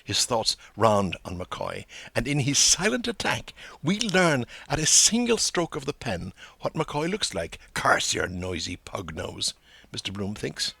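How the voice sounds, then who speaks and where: A man's voice: medium pitch, huge pitch swings, a little slow, vocal fry, bright, forceful tone, slightly rough, no echo. A man hosting a podcast, reading a novel aloud and analysing it with enthusiasm, acting out the quoted dialogue as he goes. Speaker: podcast host and literary lecturer.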